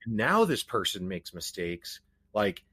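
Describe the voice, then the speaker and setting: Rambling low-voiced man. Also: very animated, takes it slowly, sharp tone, slightly rough, no room sound. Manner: rambling, hesitant, many restarts and "like". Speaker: podcast host. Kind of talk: casual conversation.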